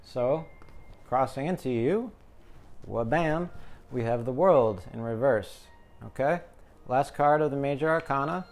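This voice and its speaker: A man's voice: mid-range voice, unhurried, long pauses. A man giving a casual, jokey tarot reading, talking to his viewers as the collective. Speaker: tarot reader. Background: music.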